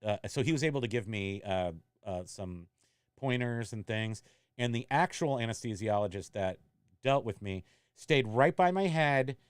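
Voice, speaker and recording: A man hosts a casual livestream about reselling, drifting into long, self-mocking stories. His voice is smooth and clear at a middle pitch. The sound is dry and close, with no room around it. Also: dry recording. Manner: rambling, self-mocking storyteller. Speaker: eBay reseller hosting a livestream.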